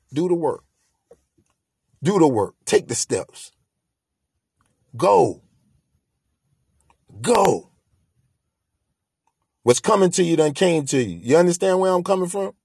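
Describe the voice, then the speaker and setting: A man's voice: high voice, gravelly, breathy edge, no echo, clean studio sound. A man hosting a podcast, delivering a motivational monologue in an emphatic, preachy way, repeating his points. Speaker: podcast host.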